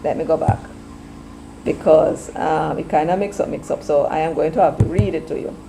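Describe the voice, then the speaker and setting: Jamaican lady just chatting to her viewers, bit hoarse, mixes patois in, faint hiss behind. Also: low-pitched, normal speed, mellow, low-quality recording. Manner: chatty, drifts between patois and English. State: slightly hoarse, clearing throat. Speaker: commentary channel host. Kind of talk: casual commentary to camera.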